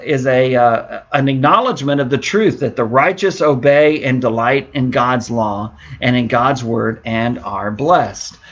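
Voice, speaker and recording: A man's voice: mid-range voice, a bit bright, muffled recording. A middle-aged man teaching a devotional Bible lesson as a pastor, earnest and enthusiastic, often repeating words for emphasis.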